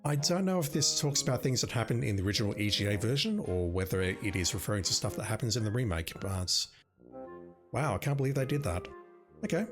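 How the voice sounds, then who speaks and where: A man's voice: fairly low pitch, animated, fast talker. A man casually thinking aloud with wry asides while playing an adventure game, with game music behind. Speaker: let's-play gamer. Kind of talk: casual gameplay commentary.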